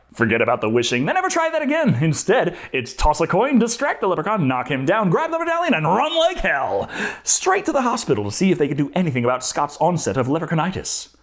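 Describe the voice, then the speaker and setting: A man narrating a comedic movie review in a sarcastic, jokey manner. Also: high-pitched.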